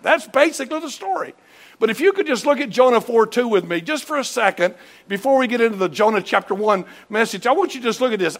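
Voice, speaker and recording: A man preaching a sermon in a church, animated, acting out voices and shouting at peaks. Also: extremely high pitch, fast talker. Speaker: pastor. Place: church sanctuary.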